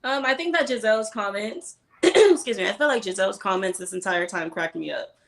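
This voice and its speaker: A woman with a gravelly, fry-tinged voice weighs in as a panelist on a reality TV chat. She speaks candidly and shares plain opinions in a relaxed, conversational way. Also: medium pitch, fairly quick. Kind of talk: casual commentary.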